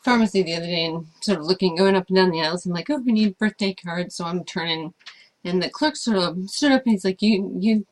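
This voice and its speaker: A woman's voice: lowish voice, quick pace. A woman chatting casually as she answers viewer questions about life with her service dog, thoughtful and hesitant, with frequent fillers. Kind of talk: casual Q&A chat.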